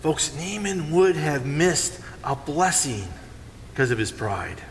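A man preaching a sermon and retelling a Bible story with animated storytelling, acting out the characters. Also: fairly high pitch, slow, long reverb tail, slight background noise. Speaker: pastor.

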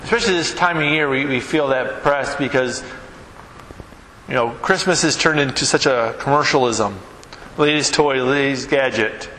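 A man's voice: mid-range voice, normal speed, bright, forceful tone, slight background noise. A middle-aged man preaching a conversational sermon as a pastor, asking the congregation questions. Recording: echoey hall with long reverb.

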